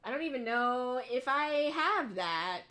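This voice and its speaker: A woman's voice: sits high, lively intonation, measured pace, pushed and bright, smooth. A woman VTuber streamer chatting casually on a livestream, reading viewer messages aloud, giggling often and swearing freely.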